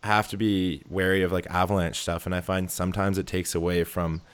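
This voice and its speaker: A man hosting a casual chat, relaxed and joking as he asks follow-up questions. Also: deep voice, brisk, clear, resonant tone.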